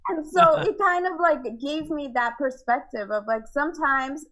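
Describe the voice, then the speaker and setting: Woman, young adult, fairly high voice, candid, laughs a lot, casual podcast talk. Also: moderate pace, a bit bright, rough recording. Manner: candid, laughs often, acts out her own past words. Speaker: podcast guest. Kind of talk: casual conversation.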